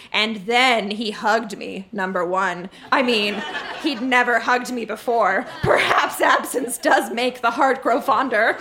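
A woman's voice: fairly high pitch, measured pace, fairly bright tone, a little hiss or hum. A woman reading her teenage diary aloud on stage to a live audience, with a dramatic, gushing delivery and comic timing. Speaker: live show reader. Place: stage before a laughing audience.

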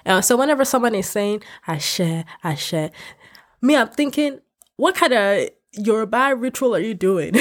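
A young woman from West Africa hosting a podcast, talking candidly in an animated, ranting way. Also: medium pitch. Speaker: podcast host. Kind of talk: casual podcast rant. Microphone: podcast microphone.

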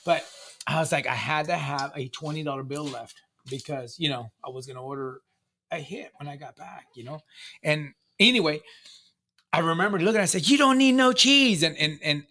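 A man's voice: a little high, sharp tone. A middle-aged man casually telling a long personal story, profane and emphatic, looping back with restarts and fillers. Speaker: guest sharing his recovery story.

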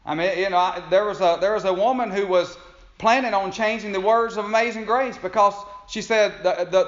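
A man's voice: high voice, fairly bright tone. Man, preacher, sermon, folksy, conversational, chuckles, echoey room, muffled lo-fi sound.

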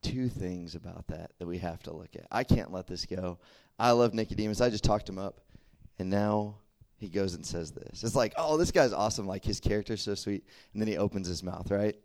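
A young man giving a casual, chatty sermon, full of fillers and quick asides to his listeners. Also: low-pitched, gravelly. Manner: chatty and animated, full of "like" and "okay?". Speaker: preacher. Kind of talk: casual sermon to a youth group.

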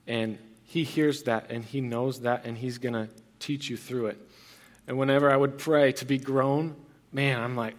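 A young man preaching a sermon as pastor, earnest and conversational, with frequent restarts and fillers. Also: medium pitch.

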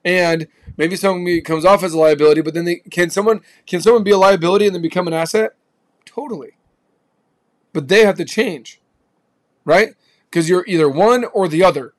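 A man's voice: high-pitched, brisk. A man hosting a podcast, giving an emphatic, slangy motivational talk. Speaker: podcast host.

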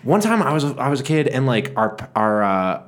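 A man's voice: mid-range voice, big pitch swings, moderate pace. A young man co-hosting a casual podcast chat, telling stories animatedly, swearing often and acting out the voices in them. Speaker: podcast co-host.

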